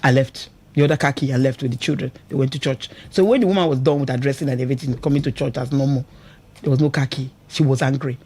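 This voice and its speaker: A woman's voice: rumbling low, fast talker, husky. A woman with a Nigerian English accent hosting a radio show, chatting about marriage with a lot of emotion and laughing often. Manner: animated, emotional, laughs often, asks "you understand?". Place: radio studio.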